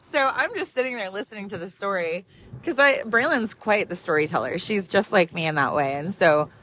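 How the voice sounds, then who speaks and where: An animated woman in her thirties tells a long story in a car while she drives. She talks casually and swears freely, and she laughs often as she goes. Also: medium pitch, fairly quick, a little hiss or hum. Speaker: mother telling a story.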